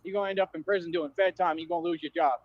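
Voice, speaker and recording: A man's voice: on the high side, fairly even intonation, rapid-fire. A man on a livestream delivering a confrontational, slangy rant at his viewers, repeating himself as he goes. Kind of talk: ranting livestream monologue. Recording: dull dry livestream audio.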